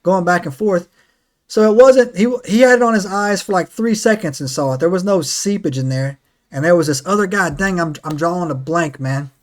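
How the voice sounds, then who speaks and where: A man hosting a casual podcast chat, an excitable storyteller who keeps checking in with "right?" and "man". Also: high-pitched, moderate pace. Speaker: podcast host.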